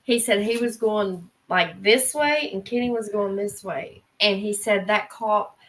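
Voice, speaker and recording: A woman in a casual chat, rambling through a story and laughing along the way. She takes her time and talks slowly, at a middle pitch. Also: a bit bright, a little hiss or hum, rough recording.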